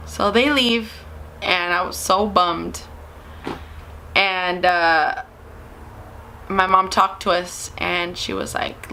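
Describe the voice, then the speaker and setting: Chatty bright-voiced young woman. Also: fairly low pitch, slow, long pauses, slight background noise. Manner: chatty, animated, acts out voices in quotes. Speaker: vlogger. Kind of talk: casual storytime chat.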